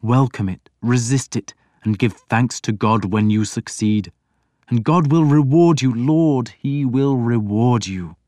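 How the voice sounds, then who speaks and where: A man's voice: medium pitch, no echo, clean studio sound, lightly acted. A man doing a soothing old priest. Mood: urgent. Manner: gentle, coaxing, deliberate. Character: soothing older male priest, earnest and coaxing.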